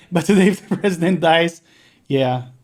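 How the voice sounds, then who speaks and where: A man's voice: on the high side, animated, measured pace, darkish tone, soft background music. Chatty Brazilian man streaming a build. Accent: Brazilian Portuguese. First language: Portuguese. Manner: chatty, laughs often, answers chat while working. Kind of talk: casual live-stream chat.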